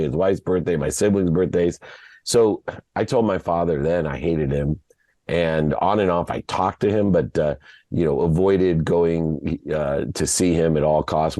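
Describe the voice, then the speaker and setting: A man from Ohio, a podcast guest, telling a personal story in an emotional, halting way, often repeating words. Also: a bass voice, mellow, no echo. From Ohio, USA.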